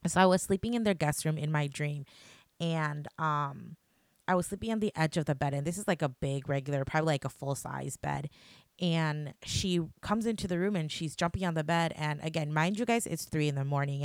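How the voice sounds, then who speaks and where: A woman's voice: deep voice, fairly quick, no room sound, clean studio sound. A young woman casually telling her own scary story as a podcast host, chatty, full of fillers, with some swearing. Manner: animated, chatty, lots of "like" fillers.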